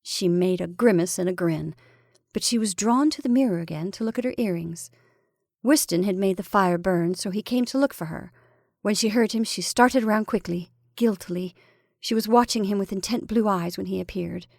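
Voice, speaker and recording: A woman narrates a classic short story in a measured, careful reading voice, now and then sinking to a whisper on a phrase. Her pitch sits mid-range and the recording is dry and close. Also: vocal fry, darkish tone, dry recording.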